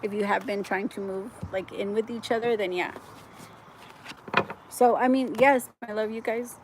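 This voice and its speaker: This is a woman giving a tarot reading on a live stream, talking at a middling pitch. She rambles in a warm, effusive way and leans on "like" constantly. She breaks into easy laughs often. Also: moderate pace, noisy background. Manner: chatty and effusive, heavy use of "like", frequent laughs; gets excited and loud at good news. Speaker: tarot reader.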